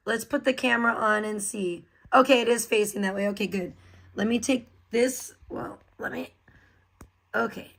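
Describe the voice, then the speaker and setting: A woman's voice: fairly high pitch, creaky, a bit bright, rough recording. A woman hosting a livestream, giving blunt, profane, mocking commentary in a casual ranting style.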